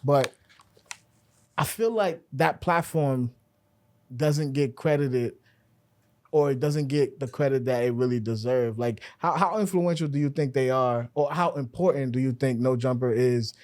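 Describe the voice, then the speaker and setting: A man hosting an interview, asking curious, easygoing questions in a relaxed conversational way. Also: medium pitch, measured pace. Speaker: podcast host, interviewer. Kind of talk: casual interview chat.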